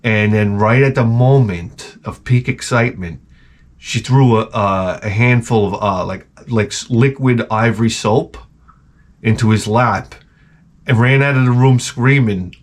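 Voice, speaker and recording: A man's voice: mid-range voice, measured pace. A man in his forties telling rambling, profane comic anecdotes in casual chat as a podcast host.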